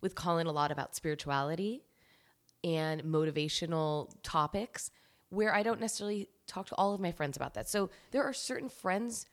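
A woman's voice: fairly low pitch, fairly quick. A woman co-hosting a podcast in casual chat, earnest with a dry humor. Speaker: podcast co-host.

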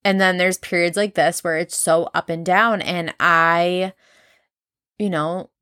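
A young woman with an East Coast American accent hosting a solo podcast, talking fast, candid and profane, rambling from one thought to the next. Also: on the low side, steady tone, pushed and bright, smooth, no echo, studio quality. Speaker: podcast host.

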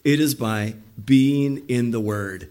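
A middle-aged male pastor delivers an animated sermon, acting out the voices of those he quotes. His voice is mid-range and he speaks slowly.

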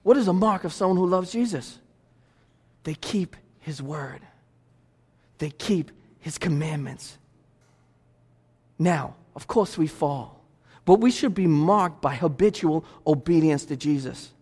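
High-pitched guy preaching hard, repeats himself for emphasis, lots of church echo. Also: animated, unhurried, long pauses, darkish tone, breathy edge. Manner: emphatic, repetitive exhortation. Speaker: pastor. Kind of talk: sermon. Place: church sanctuary. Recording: long church reverb.

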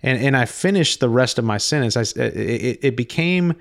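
Slow, halting reflective man. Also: mid-range voice, lively intonation, vocal fry. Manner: halting, frequent restarts; slow, thoughtful delivery. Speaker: speaker recounting a spiritual experience. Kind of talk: reflective spoken monologue.

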